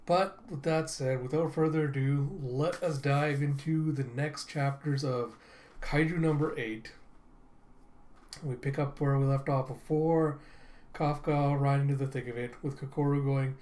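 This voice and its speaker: A young adult man hosting a casual manga reaction, retelling the panels in a relaxed, chatty way with fillers. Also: medium pitch, measured pace. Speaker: reaction channel host. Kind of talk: casual manga reading and commentary.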